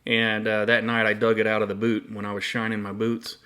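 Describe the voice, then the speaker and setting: A man's voice: on the low side, completely flat delivery, a little fast, sharp tone, clean tone. A middle-aged man telling a personal faith story in a casual, rambling way, with many fillers and restarts. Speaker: Christian video host.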